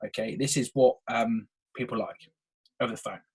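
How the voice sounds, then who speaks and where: A man's voice: medium pitch, fairly even intonation, moderate pace, darkish tone, slightly rough. A young man hosting a solo podcast, talking with eager energy and peppering his points with "okay". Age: young adult. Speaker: podcast host. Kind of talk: solo motivational podcast talk.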